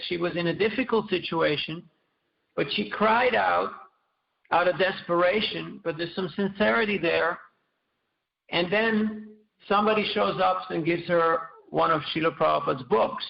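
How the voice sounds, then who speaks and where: A man giving a scripture class in a measured, storytelling way, with some fillers and repeated words. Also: sits high, gravelly, roomy sound. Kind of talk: sermon. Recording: dull lo-fi recording.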